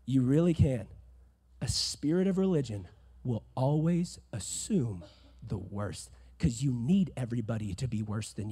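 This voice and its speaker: A man preaching a sermon as a pastor, emphatic, swinging from hushed asides to loud declarations. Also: medium pitch, breathy edge.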